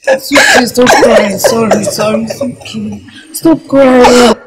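An actress playing a gentle woman who pleads and consoles. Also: a little high, wildly swooping pitch, slow, breathy edge, faint music behind, exaggerated voice, low-quality recording. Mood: pleading. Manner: pleading, soothing.

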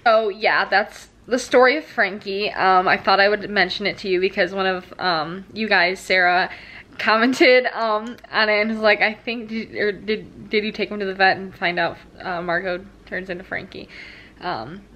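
A woman's voice: mid-range voice, fairly even intonation, moderate pace, a bit bright. A chatty young woman, vlogging casually from the couch in her living room. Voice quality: slight lisp from a new tooth crown. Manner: chatty, rambling, many fillers. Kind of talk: casual vlog chat.

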